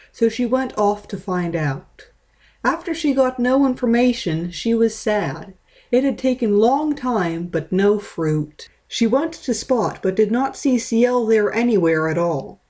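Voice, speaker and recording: A woman reading a fan story aloud in a deadpan manner. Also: mid-range voice, slow pace. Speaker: reader.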